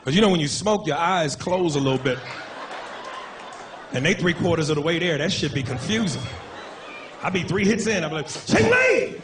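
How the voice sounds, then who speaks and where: Profane, high-voiced stand-up comedian. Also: male voice, fairly quick, pauses often, some chatter behind. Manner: crude, animated, profane jokes. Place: comedy club stage. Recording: noisy live club recording. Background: audience laughter.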